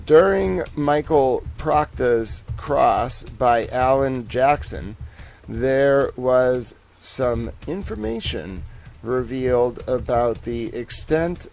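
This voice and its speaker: Brief: male livestream host, chatty and rambling, reads legal citations slowly, throws in jokey asides, mid-range voice. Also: medium pitch, creaky, darkish tone. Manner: slow, deliberate reading of legal citations. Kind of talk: casual livestream commentary.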